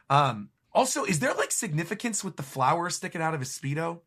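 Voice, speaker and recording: A man with a fairly high voice, co-hosting a podcast and recapping a comic chapter. He is casual and lively and laughs easily. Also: a little fast, hardly any pauses. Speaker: podcast co-host.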